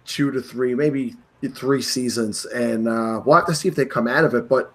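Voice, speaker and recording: A man's voice: medium pitch, moderate pace. Opinionated male podcast host. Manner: opinionated, emphatic. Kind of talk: casual sports chat. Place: New York.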